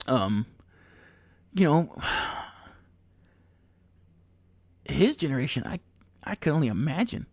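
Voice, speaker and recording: A man in his thirties rambles through a profane, comedic solo podcast. He laughs at his own jokes, and his pitch swings up and down. The sound is dry and close. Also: darkish tone, no room sound. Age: 30s. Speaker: podcast host. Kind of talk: casual comedic monologue.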